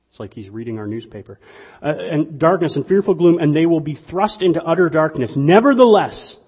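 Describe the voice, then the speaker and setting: A man preaching a sermon in a conversational, animated way that swings between quiet asides and loud bursts. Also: on the high side, breathy edge. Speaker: pastor. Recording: dull lo-fi sound with long hall reverb.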